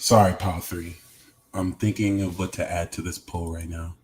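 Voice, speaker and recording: Deep-voiced man giving a casual tarot reading. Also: level tone, moderate pace, a little hiss or hum. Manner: casual, chats with viewers between readings. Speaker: tarot reader and host. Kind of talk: live-streamed tarot reading.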